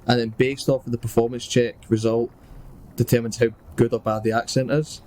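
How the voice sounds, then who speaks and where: A man chatting casually as a player in a tabletop game, playful and quick to laugh. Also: medium pitch, little pitch movement, a little mellow, rough recording.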